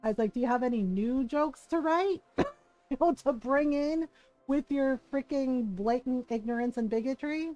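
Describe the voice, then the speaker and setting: A woman's voice: high voice, moderate pace, lo-fi sound, soft background music. A woman streamer chatting casually while she plays, telling family stories with lots of laughter and acted-out voices. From Filipino family. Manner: animated, laughing, acts out family members' voices. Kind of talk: casual storytelling while gaming.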